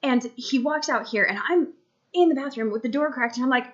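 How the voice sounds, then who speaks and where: Chatty mom with a bright voice, lo-fi. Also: female voice, sits high, brisk. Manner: chatty and rambling, lots of fillers and asides to the listener. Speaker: mom vlogger. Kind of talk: casual storytelling to camera. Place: at home. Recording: dull lo-fi home recording.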